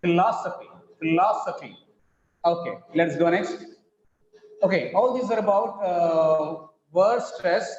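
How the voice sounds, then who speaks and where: A man teaching an online phonetics class, patiently repeating words slowly to model stress. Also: sits high, darkish tone. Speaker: English teacher. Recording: echoey, dull online call audio.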